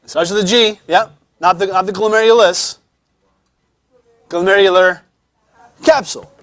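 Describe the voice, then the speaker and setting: Chatty high-voiced male teacher. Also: steady tone, a bit bright, no room sound. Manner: conversational, repeats words, frequent pauses to explain. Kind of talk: classroom lecture. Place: classroom.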